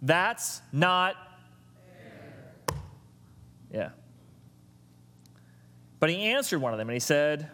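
A man preaching a sermon as pastor, lively and conversational, throwing questions and asides to the congregation. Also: on the high side, slow pace, long pauses. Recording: long reverb of a large hall.

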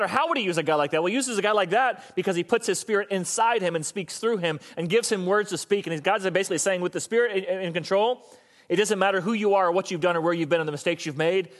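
A man pastor giving a casual, animated sermon, talking to his audience and asking them questions. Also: high voice.

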